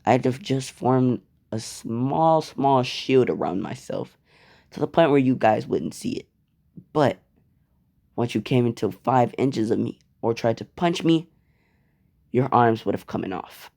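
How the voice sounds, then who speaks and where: A cocky teen boy hero boasting about his lava powers, as a man reads him out. He speaks with a casual, swearing swagger in a mellow, low-key voice. The voice sits at a middling pitch. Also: expressive, unhurried, creaky. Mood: earnest.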